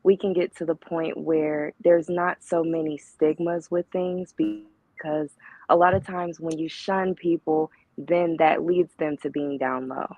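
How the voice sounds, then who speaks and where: A woman calling in to a chat show, speaking in a soft, light voice and in a thoughtful way. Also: low-pitched, fairly even intonation, measured pace, no echo, rough recording. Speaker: caller. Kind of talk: casual call-in chat.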